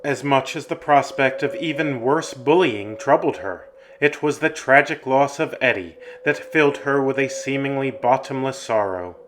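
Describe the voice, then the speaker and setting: A man narrating a scripted horror story in a measured, ominous way. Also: mid-range voice, a bit bright, a little hiss or hum.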